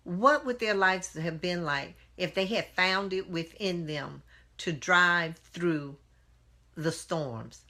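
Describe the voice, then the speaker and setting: A woman hosts her own live motivational stream, speaking earnestly into a phone or webcam. Her voice is bright and forceful, pitched a little low, and she keeps asking her viewers questions and greeting them by name.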